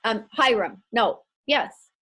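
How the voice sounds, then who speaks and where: Animated middle-aged woman telling stories. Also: a little high, slow, slightly rough. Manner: animated and self-deprecating, with dramatic retellings. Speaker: guest author. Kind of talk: casual storytelling interview.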